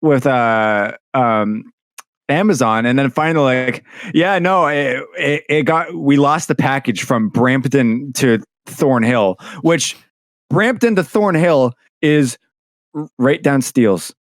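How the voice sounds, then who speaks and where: A man's voice: mid-range voice, animated, slow pace, dry recording, studio quality. A man co-hosting a podcast, telling a rambling, self-deprecating story in casual chat. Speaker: podcast co-host.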